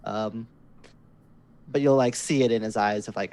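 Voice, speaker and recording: A man's voice: fairly low pitch, measured pace, a little mellow. Man narrating his character with fillers. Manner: hesitant, filler-heavy. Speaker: player. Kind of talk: tabletop role-play narration.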